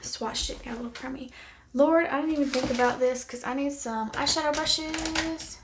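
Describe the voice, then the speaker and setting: Woman doing a makeup try-on vlog, kinda high voice, talks to the camera while she works, goes quiet and whispery when she concentrates. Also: moderate pace, noisy background. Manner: chatty and candid, thinking aloud while applying makeup. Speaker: beauty vlogger.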